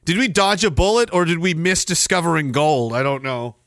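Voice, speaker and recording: A man's voice: a little high, brisk, a bit bright, no echo, clean studio sound. A man hosting a live show and reading chat, rambling and swearing, with sudden bursts of mock outrage. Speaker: podcast host reading chat. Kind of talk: casual livestream chat.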